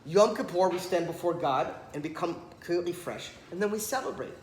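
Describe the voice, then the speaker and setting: A man with a high voice, talking a little fast, tells a Torah story animatedly and acts out the dialogue along the way. The recording has an echoey room sound and some background noise.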